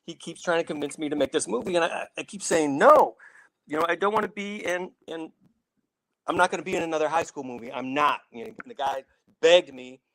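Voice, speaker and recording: A man's voice: a little high, fast, a bit bright, no room sound, low-quality recording. A middle-aged man from Saint Louis, an actor guest telling rambling stories with many restarts and acted-out quotes. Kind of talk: casual storytelling.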